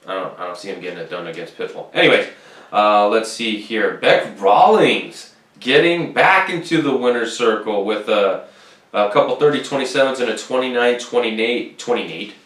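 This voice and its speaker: A low-voiced man hosts a casual solo podcast, rambling and swearing freely in an offhand way. He sits back from the mic in a room that echoes around him. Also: a bit bright. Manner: rambling, profane, loose and offhand. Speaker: podcast host. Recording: roomy sound, distant from the mic.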